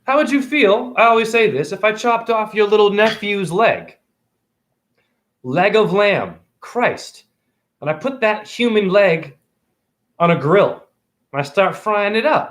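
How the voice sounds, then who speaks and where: A man in his forties rants on a phone livestream, sermonizing to his viewers and peppering them with questions. His voice sits high for a man and leaps and dips all over the place. He is blunt, preachy and happy to swear. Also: very animated, unhurried, a bit bright. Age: 40s. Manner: preachy, combative, swearing, asks the audience questions. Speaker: livestream host. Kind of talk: rambling livestream monologue.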